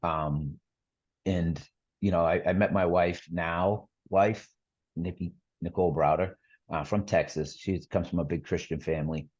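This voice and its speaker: A man's voice: low-pitched, fairly even intonation, measured pace, a little mellow, breathy edge, dull audio. A middle-aged man, a podcast guest, telling his story earnestly in a rambling casual way with lots of fillers and restarts.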